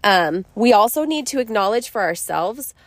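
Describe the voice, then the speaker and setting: A woman, a mother hosting her own podcast, giving gentle, reassuring self-help advice in a casual monologue and often checking in with her listeners. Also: mid-range voice, animated, normal speed, dry recording.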